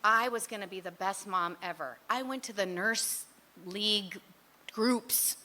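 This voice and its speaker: Bright-voiced woman sharing her recovery story. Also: medium pitch, a little slow. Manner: candid, rambling, self-mocking; frequent fillers like "you know" and "like". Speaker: speaker sharing at a recovery meeting.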